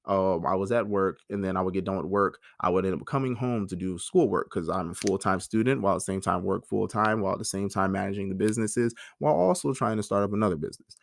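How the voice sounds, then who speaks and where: A man's voice: deep voice, fast talker, gravelly, few pauses, no room sound. A man in his thirties hosting a personal monologue, talking in an emotional, frank way and swearing freely. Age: 30s. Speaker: podcast host.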